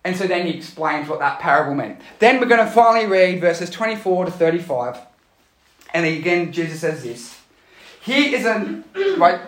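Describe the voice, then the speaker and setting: A young man preaching to a youth group, reading scripture and praying in a casual, energetic way with frequent self-corrections. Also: high-pitched, normal speed. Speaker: youth pastor. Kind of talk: live youth sermon with Bible reading and prayer. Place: church youth hall. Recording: roomy live church hall.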